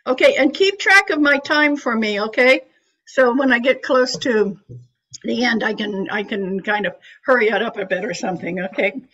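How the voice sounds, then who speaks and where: A woman's voice: on the high side, moderate pace, a bit bright, slightly rough. A woman in her eighties giving a chatty, reassuring psychic reading over a video call, with frequent fillers. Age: 80s. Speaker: psychic reader. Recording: dull lo-fi call audio.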